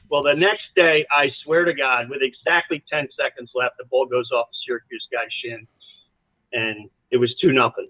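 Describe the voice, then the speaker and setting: A college soccer coach with a mid-range voice talks at a moderate pace as a podcast guest, animatedly rambling through stories with plenty of side remarks. There's no echo, but the line sounds tinny and phone-like.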